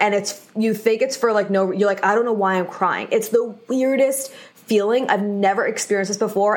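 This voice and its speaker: A young woman hosting a podcast, talking casually and candidly with lots of filler words, speaking straight to her listeners in a reassuring way. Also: mid-range voice. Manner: chatty, candid, many "like" fillers; addresses listeners directly, reassuring. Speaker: podcast host. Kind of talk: casual solo podcast talk.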